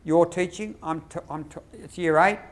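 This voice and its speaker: A man with an Australian accent giving a lively workshop lecture to teachers, quizzing the audience and acting out classroom phrases. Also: fairly high pitch, normal speed. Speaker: lecturer on behaviour management.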